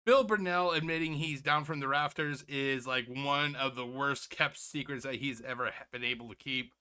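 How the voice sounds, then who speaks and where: A man hosting a reaction video in casual, sarcastic commentary, rambling with many restarts and calling his viewers ladies and gentlemen. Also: mid-range voice, moderate pace, clear, resonant tone. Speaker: reaction channel host.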